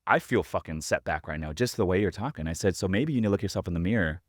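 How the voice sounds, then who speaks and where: A man's voice: low voice, animated, fast, dry recording, clean studio sound. A man hosting a podcast, telling a rambling anecdote full of fillers and casual swearing. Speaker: podcast host. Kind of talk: casual interview chat.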